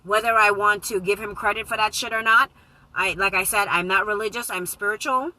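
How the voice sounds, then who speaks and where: Bright-voiced woman telling a profane story. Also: mid-range voice, a little fast, rough recording. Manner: animated, profane, slips into loud quoted voices. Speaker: vlogger reading live comments. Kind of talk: casual storytime chat.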